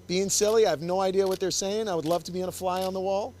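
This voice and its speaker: A man's voice: high-pitched, fairly even intonation, fast, a little mellow, slight background noise. Upbeat male photographer coaching a couple. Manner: upbeat, coaxing, directs the couple constantly. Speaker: wedding photographer teaching. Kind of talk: live posing demonstration. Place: confined indoor shooting space.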